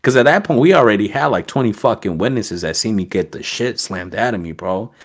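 A man's voice: lowish voice, fairly quick. A man telling a story as a podcast guest, in a casual streetwise manner with heavy swearing. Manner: streetwise slang, heavy swearing, animated quoting.

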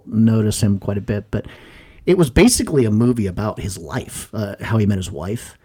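A man co-hosting a podcast, chatting casually in a rambling way, laughing often and acting out scenes loudly. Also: lowish voice, lively intonation, normal speed, slightly rough. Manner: rambling, laughs a lot, acts out scenes in a loud voice. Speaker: podcast co-host. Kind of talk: casual chat.

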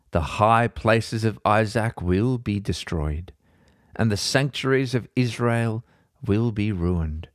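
A solemn divine voice pronounces judgment in a lowered, stern tone, as a man reading the passage puts it on. He speaks in slow, measured words. The sound is dry and close, with faint guitar music behind him. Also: no echo. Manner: grave, stern.

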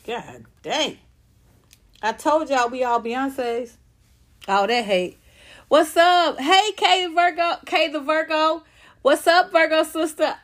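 A woman's voice: sits high, slow. A woman in her fifties, a comedian, ranting to viewers on a livestream, profane, repetitive and fired up. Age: 50s.

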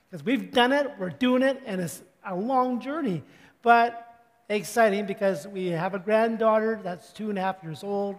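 Older man preaching with a slightly hoarse voice. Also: high-pitched, in a large hall. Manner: joking, chatty, clears throat often. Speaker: pastor. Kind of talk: sermon.

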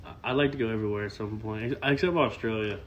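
A man's voice: on the low side, fast talker, fairly bright tone, lo-fi sound, a little hiss or hum. A young man co-hosting a podcast, joking, teasing and swearing freely in casual chat. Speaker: podcast co-host.

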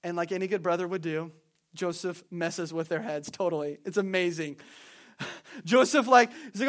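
A man retelling a story as a casual, animated sermon, full of slang, quick asides and repeated words. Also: high voice.

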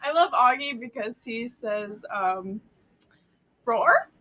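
A woman's voice: a little high, normal speed, background noise. A woman hosting a casual live-stream chat with a friend, bubbly and chatty, laughing often. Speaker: host.

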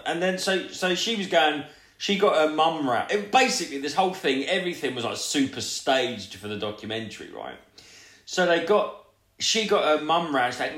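Male podcaster, crude and rambling, animated delivery, roomy sound. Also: on the high side, moderate pace. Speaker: podcast co-host. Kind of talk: casual storytelling chat.

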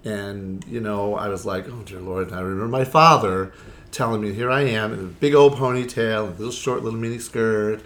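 Chatty, lower-voiced man telling stories. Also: moderate pace, a bit bright. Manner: chatty and theatrical, heavy on "you know" fillers, acts out quoted lines. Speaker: drag performer telling stories as interview guest. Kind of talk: casual storytelling interview.

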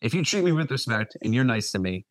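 A young man telling a story with lots of swearing and lively energy. His voice sits in a mid pitch and sounds dry and close to the mic, with no room around it. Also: quick pace, no echo. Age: young adult. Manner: profane, animated storytelling. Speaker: podcast co-host and nurse. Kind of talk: casual storytelling.

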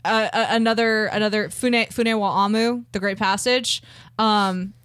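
A woman co-hosting an anime podcast, talking casually in a halting way with many restarts. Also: mid-range voice, steady tone, fairly bright tone, smooth, no room sound, studio quality. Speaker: podcast co-host. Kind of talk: casual podcast review chat.

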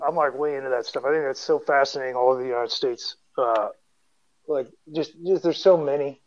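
A man's voice: medium pitch, fairly quick, lo-fi sound. A man from Missouri co-hosting a casual podcast, enthusiastic and rambling. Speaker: podcast co-host.

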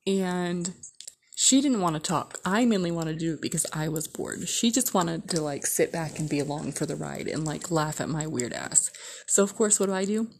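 A woman's voice: deep voice, moderate pace, slightly rough. Chatty woman telling a rambling story. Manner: rambling, chatty, frequent "like" fillers. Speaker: vlogger. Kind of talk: casual storytime.

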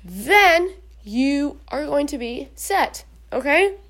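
A young woman with a slightly high voice talks straight to her listeners in a casual podcast, part pep talk and part sermon. She rambles and keeps checking in with "okay?" between her points. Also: very animated, slow pace, fairly bright tone. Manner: chatty, preachy, rambling with frequent "okay?" asides. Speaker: podcast host. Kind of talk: casual faith advice talk.

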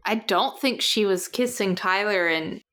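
A woman's voice: mid-range voice, a little slow, fairly bright tone. A woman co-hosts a casual podcast chat in a mid-range voice. She chimes in with short, amused reactions and laughs often. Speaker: podcast co-host.

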